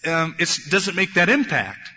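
A man preaching a sermon, animated, acting out the voices of biblical figures as he goes. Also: high-pitched, unhurried, breathy edge. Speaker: pastor. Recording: dull lo-fi recording in a reverberant hall.

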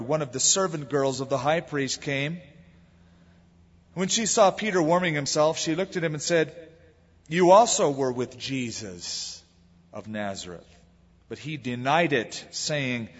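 Husky American pastor preaching in a hall. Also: male voice, a little high. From United States. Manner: conversational storytelling preacher, leans into quoted lines. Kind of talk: sermon. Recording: lo-fi recording in a reverberant hall.

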